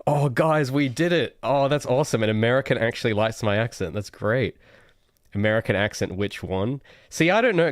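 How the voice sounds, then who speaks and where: Male streamer, lowish voice, dry close sound, rambling self-mocking banter. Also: no echo. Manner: joking, rambling, self-deprecating. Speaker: indie game developer streaming. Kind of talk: casual livestream chat.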